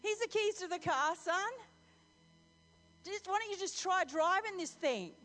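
A woman's voice: very high voice, animated, measured pace, a bit bright, voice pushed up, heavily acted. A woman preacher voicing Jesus as a fatherly, coaxing man handing over responsibility, in a sermon. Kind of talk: sermon with acted retelling. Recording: reverberant hall, faint music.

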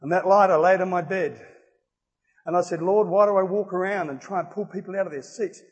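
A man preaching an evangelistic sermon, emphatic and rising to loud exclamations. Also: sits high, steady tone, brisk, husky, lo-fi sound. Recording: reverberant hall.

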